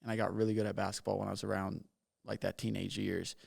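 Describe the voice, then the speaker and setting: A man's voice: on the low side, level tone, fast, vocal fry, darkish tone, slightly rough. A young man from Bermuda telling his story as a podcast guest, talking casually and rambling with lots of "like". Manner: rambling, filler-heavy with frequent "like".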